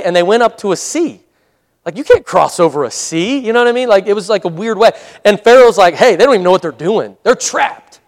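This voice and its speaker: High-voiced man preaching a sermon. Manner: conversational, laughing asides, calls of amen. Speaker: pastor.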